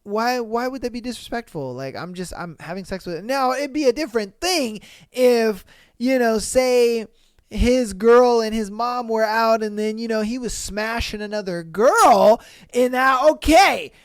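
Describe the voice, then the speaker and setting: Brief: young male podcast host, smooth close dry voice, ranting and swearing. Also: very high-pitched, unhurried, no room sound. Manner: animated, swears freely, exasperated rants. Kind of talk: casual commentary reading stories.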